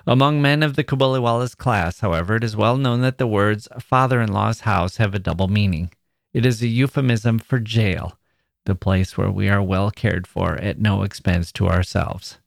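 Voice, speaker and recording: A man, a podcast host, reading a classic short story aloud in a measured storytelling manner. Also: lowish voice, vocal fry, dry recording, studio quality. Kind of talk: literary reading.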